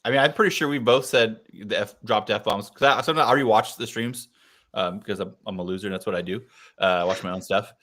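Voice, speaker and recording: A man's voice: on the low side, fast talker, fairly bright tone. A man hosting a casual livestream book chat, laid-back and self-deprecating, laughing often. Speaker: podcast host.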